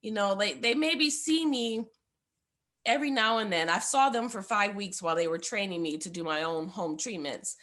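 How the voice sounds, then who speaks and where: A woman's voice: mid-range voice, expressive, moderate pace, fairly bright tone. A young woman, a guest on the show, giving a heartfelt personal testimony in a rambling way, full of fillers.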